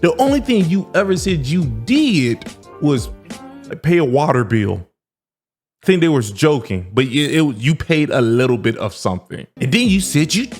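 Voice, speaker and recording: A man hosting a reaction video, teasing and ridiculing a woman from a clip in lively mocking asides. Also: fairly high pitch, normal speed, faint music behind. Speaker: reaction channel host.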